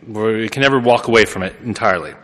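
A man's voice: on the low side, quick pace, a bit bright. Preacher man in a reverberant church. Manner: conversational, self-correcting, laughs at himself. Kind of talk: sermon. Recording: long reverb of a church hall.

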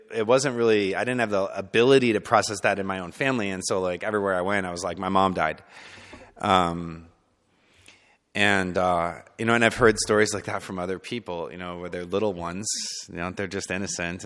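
A man telling a story from his childhood in a loose, conversational way, full of fillers, sometimes soft and sometimes emphatic. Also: deep voice, fairly even intonation, fairly quick. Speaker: speaker sharing personal testimony. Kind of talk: personal storytelling talk. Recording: long hall reverb.

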